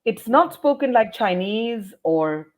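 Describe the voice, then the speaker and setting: A woman's voice: on the high side, expressive, slow, darkish tone. A woman educator answering interview questions, explaining points emphatically like a teacher and sounding out words. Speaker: educator and trainer, interview guest.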